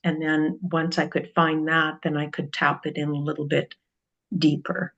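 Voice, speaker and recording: Gravelly reflective casual speaker. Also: mid-range voice, flat delivery, moderate pace, fairly bright tone. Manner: reflective, trails off and restarts often. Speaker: group member sharing experience. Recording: dull lo-fi sound.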